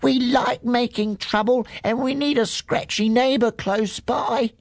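Cheeky little goats who love making trouble, played by a man in a high, bouncy voice. The lines come slowly and playfully, as in a storybook reading. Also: steady tone, dry recording, studio quality. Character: small mischievous young goats, cheeky.

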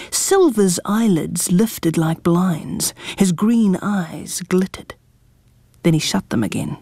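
A woman reading a children's storybook aloud, lively and expressive. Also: fairly low pitch, dry recording, clean studio sound.

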